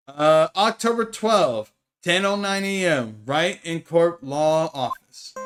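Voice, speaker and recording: A streamer reads a game's dialogue aloud, taking every part in their own voice and cutting in with asides. The pitch swings lively through the lines, at a middling level overall. Game music plays clearly underneath. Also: a little slow. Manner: reads every character's lines in one animated voice and breaks off for asides. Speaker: let's play streamer.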